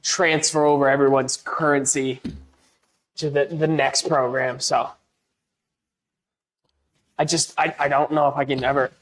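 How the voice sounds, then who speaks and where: An extremely low-pitched woman speaks with a flat delivery at a measured pace, leaving long pauses. As a live streamer painting a wall, she chats casually with her audience, rambling with many restarts and laughing self-deprecatingly.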